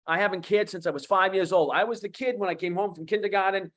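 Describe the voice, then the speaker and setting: A man in his fifties with a Boston accent, speaking as a guest coach on an online talk show, animated and emphatic, repeating key phrases. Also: high-pitched, quick pace. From USA. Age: 50s.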